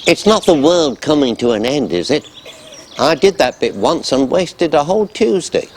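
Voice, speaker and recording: A wry, sceptical friend with a slightly high, animated voice. Steady noise sits under the sitcom sound. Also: male voice, normal speed. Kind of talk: sitcom acting.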